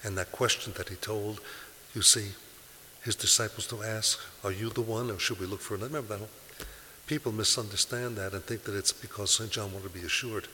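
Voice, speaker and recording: Male preacher, bright forceful tone, emphatic delivery, long hall reverb with faint hiss. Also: fairly low pitch, steady tone, a little fast. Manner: emphatic, rising to forceful peaks when quoting scripture. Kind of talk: sermon. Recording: hissy recording in a large reverberant hall.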